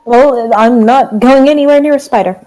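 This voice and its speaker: A woman playing in a tabletop game, asking blunt, quick questions. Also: on the high side, dark tone, soft background music, poor audio. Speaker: player.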